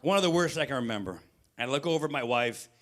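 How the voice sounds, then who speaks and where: A man in his forties doing stand-up storytelling on a live stage, animated and breaking into loud acted bits. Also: mid-range voice, fast talker. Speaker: stand-up comedian.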